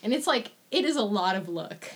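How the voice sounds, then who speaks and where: A young woman co-hosting a podcast in casual chat, animated and swearing freely as she acts out lines in voices. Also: mid-range voice, fairly quick, husky. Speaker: podcast co-host.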